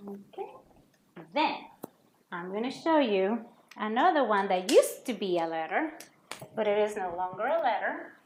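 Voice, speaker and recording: A woman teaching a Spanish lesson to children, explaining letter sounds clearly and patiently. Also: medium pitch, animated, normal speed, a little mellow, slight background noise. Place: studio classroom. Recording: echoey room.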